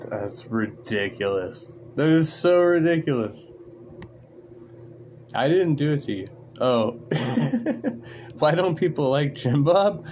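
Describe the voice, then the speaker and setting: A man's voice: on the high side, animated, takes it slowly, darkish tone, a little hiss or hum. Irritated man ranting on a livestream. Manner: profane, irritated, sarcastic. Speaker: livestream host. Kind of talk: casual livestream rant.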